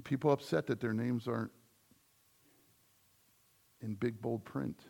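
A man's voice: medium pitch, steady tone, a little slow, vocal fry, warm tone. A man preaching a sermon as the church's pastor, in a conversational style that builds to emphatic points.

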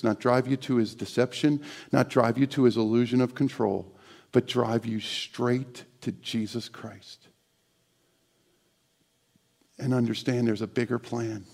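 A middle-aged pastor delivers a sermon in a church with a deeply gravelly, rough-edged voice. His delivery swings between emphatic, animated stretches and a soft, prayerful hush. His pitch sits in an ordinary middle register. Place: church sanctuary.

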